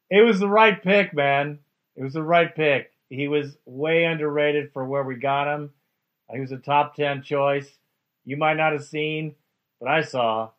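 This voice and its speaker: A man's voice: a little high, highs cut off. A man hosting a call-in radio show, upbeat and friendly, calling callers bro and man.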